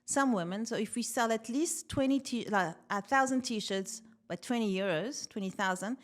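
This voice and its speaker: Lively woman telling a story. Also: on the high side, normal speed. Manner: animated, laughs often while telling stories. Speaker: podcast guest, tech founder. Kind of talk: casual interview storytelling.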